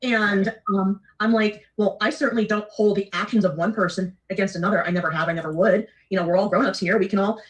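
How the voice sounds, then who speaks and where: Woman guest, measured explanatory tone, distant mic sound. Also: medium pitch, fairly even intonation. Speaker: guest caller.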